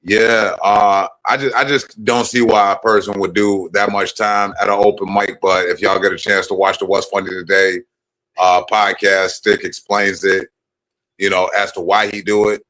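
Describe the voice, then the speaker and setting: A man hosting a podcast, asking questions in relaxed casual chat. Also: fairly low pitch, moderate pace, low-quality recording. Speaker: podcast host.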